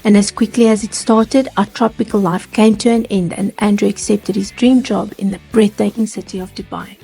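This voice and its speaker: A middle-aged South African woman narrating a casual travel vlog voice-over from home, warmly gushing about plants she loves. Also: medium pitch, fairly even intonation, moderate pace, vocal fry, husky, soft background music, poor audio. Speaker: travel vlogger. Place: seated at home, recording voice-over.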